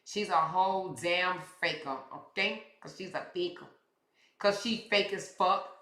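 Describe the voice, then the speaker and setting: Woman, livestream host, sassy and profane, forceful bright voice, echoey room. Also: on the low side, unhurried. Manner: sassy, blunt, profane, talks straight to her chat. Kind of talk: casual livestream chat to viewers.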